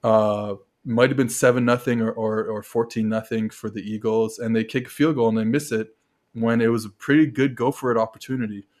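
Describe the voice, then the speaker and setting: A man from Montreal talks as a podcast guest in a medium-pitched voice. He rambles earnestly, often restarts his sentences, and fills them with "like" and "you know". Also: steady tone, a little fast, darkish tone. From Montreal, Canada. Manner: rambling, filler-heavy, earnest. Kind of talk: casual podcast chat.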